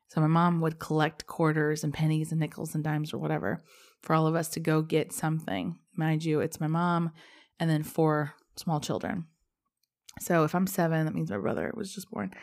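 Pregnant woman podcaster, lowish voice, rambly and candid, swears here and there. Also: a little mellow. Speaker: podcast host. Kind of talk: casual personal monologue.

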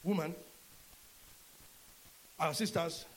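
A middle-aged Nigerian man preaching a sermon as a pastor, animated and acting out dialogue in shifting voices. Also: a little high, drawn-out words, slight background noise, low-quality recording.

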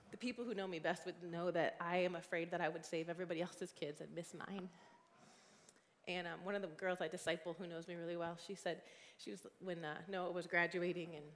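A woman's voice: on the low side, steady tone, brisk, a little hiss or hum. A woman in her forties preaching a sermon as a guest speaker. She is conversational and earnest, with plenty of fillers. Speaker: guest preacher and youth ministry leader. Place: church sanctuary. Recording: long hall reverb.

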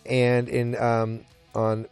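A man's voice: mid-range voice, monotone, drawn-out words, a little mellow, smooth, faint music behind. A man casually chatting through his wrestling predictions, rambling and hesitant, with many restarts. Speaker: wrestling commentator giving match predictions. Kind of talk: casual chat.

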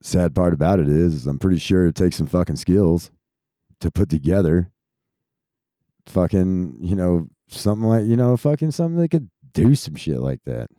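A man's voice: low voice, lively intonation, moderate pace, dark tone, dry recording, studio quality. A man in his thirties who grew up in Texas, ranting casually in a rambling, profane stream. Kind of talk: casual rant.

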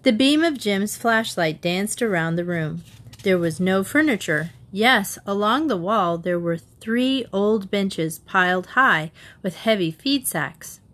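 A woman reading a children's mystery aloud in an even, measured storytelling voice. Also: mid-range voice. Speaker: audiobook reader. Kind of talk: scripted narration.

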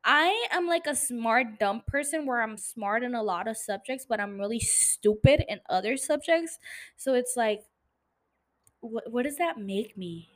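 A woman's voice: fairly high pitch, a little slow. A tipsy woman hosting a podcast in casual chat, speaking English as a second language and ranting profanely with lots of energy. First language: not English. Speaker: podcast host.

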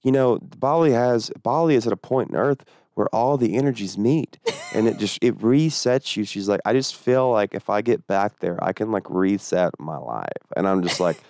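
A man's voice: fairly low pitch, normal speed, darkish tone, dry recording. A man telling a long, profane story in a casual podcast chat.

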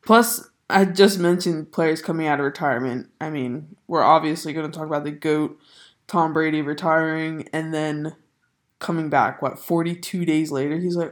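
A woman's voice: deep voice, a little slow. Stuffy-nosed, rambling young woman podcaster. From Baltimore area. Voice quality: stuffy and nasal. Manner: rambling, excitable, swears casually. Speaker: podcast host. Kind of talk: casual chat. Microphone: studio mic.

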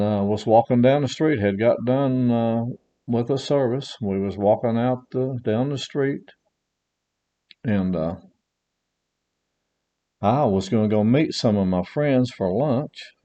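An earnest male preacher delivering a revival sermon with a warm, mellow tone. He drives his points home by repeating phrases and tells stories from his own life. The recording is a little dull and lo-fi. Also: medium pitch.

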